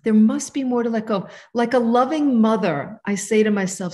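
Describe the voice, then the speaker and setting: A woman in her fifties teaching a meditation lesson over a video call, gentle and conversational. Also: a little high, normal speed, few pauses. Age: 50s. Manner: warm, gentle, conversational with soft asides. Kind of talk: live online teaching.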